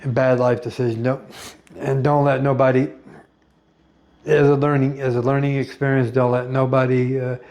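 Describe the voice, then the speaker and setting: Blunt, rambling man, halting with fillers. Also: medium pitch, little pitch movement, darkish tone. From United States. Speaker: vlogger. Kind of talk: rambling personal monologue.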